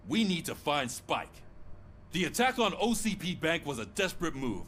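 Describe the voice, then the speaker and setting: A man's voice: fairly high pitch, sing-song, normal speed, a bit bright, a little hiss or hum. An actor playing a stern male police commander with a curt, commanding delivery.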